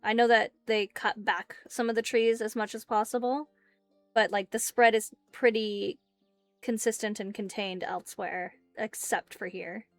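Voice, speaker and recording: A woman's voice: medium pitch, fairly even intonation, a little slow, dry recording, soft background music. A woman playing in a tabletop role-playing game, thoughtful and questioning as she plans. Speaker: player. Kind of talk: casual tabletop play.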